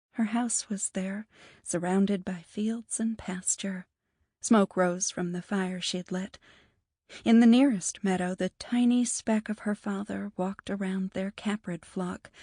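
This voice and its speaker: A woman's voice: mid-range voice, dark tone, dry recording. Woman narrating an audiobook, dry studio. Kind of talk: scripted narration.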